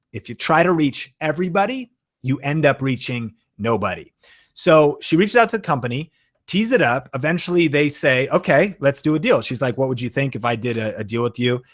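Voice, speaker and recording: A man hosting a live-stream Q and A, talking with excitable enthusiasm and plenty of fillers. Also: mid-range voice. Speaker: YouTube channel host.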